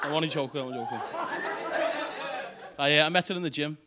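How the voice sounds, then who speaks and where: A male comedian with a Liverpool accent, telling cheeky stories in a deadpan way and chatting with the crowd. His voice sits a little high for a man. It is recorded live on a club stage over heavy room noise. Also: brisk. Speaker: stand-up comedian.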